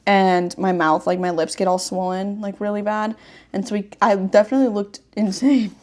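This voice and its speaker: A woman's voice: medium pitch, fairly even intonation, normal speed, darkish tone. A young woman, hosting a podcast and telling a long story in a rambling way, with lots of "like". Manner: rambling storytelling, heavy use of "like". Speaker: podcast host. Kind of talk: casual chat.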